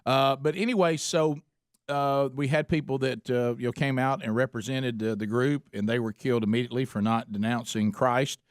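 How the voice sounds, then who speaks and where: A man's voice: medium pitch, fairly even intonation, normal speed, no room sound, clean studio sound. Man hosting talk radio. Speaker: radio show host. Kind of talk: talk radio chat and storytelling. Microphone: studio microphone.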